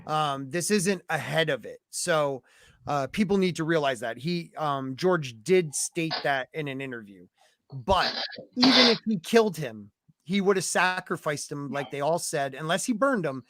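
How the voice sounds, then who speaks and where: Excitable male podcast host, higher voice. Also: normal speed, dry recording, clean studio sound. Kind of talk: casual podcast discussion.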